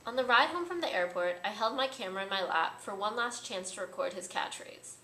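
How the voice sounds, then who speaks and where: A woman's voice: medium pitch, expressive, fairly quick, pushed and bright. A young woman vlogger narrating a reflective voice-over in a thoughtful, earnest manner. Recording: echoey room with faint noise.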